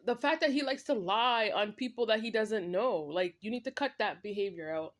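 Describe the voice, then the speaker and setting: A woman talking straight to the camera in a spiritual vlog monologue, her voice at an ordinary middle pitch. She scolds someone directly, repeating her points and leaning on "like" and "right?" between them. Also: normal speed. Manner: emphatic, repetitive, full of "like" and "right?". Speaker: vlogger.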